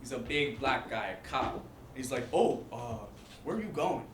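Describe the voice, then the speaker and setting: A defiant, self-assured teen boy, played by a young man in a staged reading. He tells his story with animation. The echoey room carries a clear, steady hiss. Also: mid-range voice, moderate pace, natural voice. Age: young adult.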